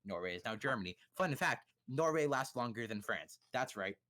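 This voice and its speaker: A young man streaming from home, launching into a profane, sarcastic retelling of history. He rambles, stumbles and restarts, swearing often. His voice sits at an ordinary middle pitch. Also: expressive, moderate pace, sharp tone. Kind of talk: profane comedic history rundown.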